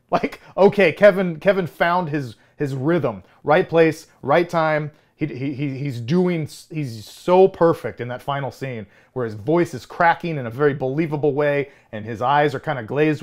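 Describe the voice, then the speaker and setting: A man's voice: on the high side, moderate pace, hardly any pauses. A man in his thirties co-hosting a film podcast in casual chat, rambling with frequent restarts and chuckles. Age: 30s. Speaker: podcast co-host.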